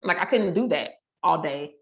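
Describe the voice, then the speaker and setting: A woman guest on a podcast, chatting casually and telling animated stories about her family. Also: lowish voice, normal speed, dull audio. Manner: animated storyteller who acts out family quotes. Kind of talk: casual chat. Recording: roomy echo.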